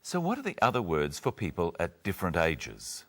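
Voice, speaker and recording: A man co-teaching English, with expressive intonation and playful example dialogues. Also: sits low, moderate pace. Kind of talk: lively teaching with playful role-play.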